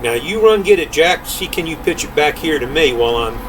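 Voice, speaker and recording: An older grandfather reading aloud, voicing a slow-witted old male giant in a drawling folksy way. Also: a little high, expressive, background noise, natural voice. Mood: coaxing.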